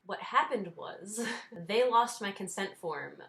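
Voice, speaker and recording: A woman's voice: medium pitch, expressive, slow, a bit bright. A woman in her twenties telling a story in a casual vlog, wry and self-deprecating, laughing now and then as she talks. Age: 20s. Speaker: vlogger.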